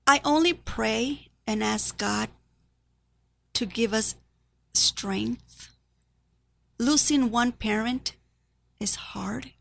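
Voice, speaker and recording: This is a middle-aged woman telling a personal testimony, her voice carrying a rough, creaky edge. She speaks slowly and deliberately, earnest and steeped in grief as she reflects on her family. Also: fairly high pitch, fairly bright tone.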